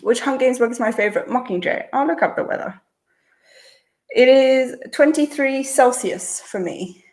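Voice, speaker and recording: A young woman hosting a casual livestream, reading out chat questions and answering in a relaxed, chatty way, thinking aloud before she replies. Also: high voice, moderate pace. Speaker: channel host.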